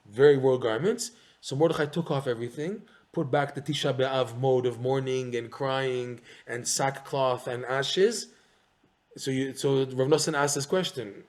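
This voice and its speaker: A man giving an animated Torah class, repeating phrases and firing rhetorical questions. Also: medium pitch. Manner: excitable, rhetorical questions, repeats phrases, mixes in Hebrew terms. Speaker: Torah teacher.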